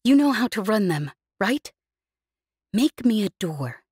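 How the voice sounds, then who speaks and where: A woman's voice: mid-range voice, very animated, takes it slowly, darkish tone, breathy edge, no echo, clean studio sound, voice pushed up, full character voice. A woman reading an audiobook voices a cocky, daredevil woman starship pilot with a brash, teasing, urgent delivery. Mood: tense.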